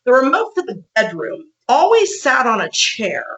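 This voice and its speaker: A woman podcast host telling an animated story in casual conversation, laughing often and acting out what people said. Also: sits high, normal speed, poor audio.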